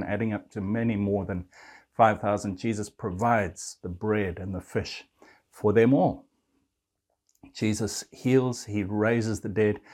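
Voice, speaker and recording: An older man preaching a sermon in an earnest way, quoting scripture with dramatic pauses. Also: fairly low pitch, darkish tone.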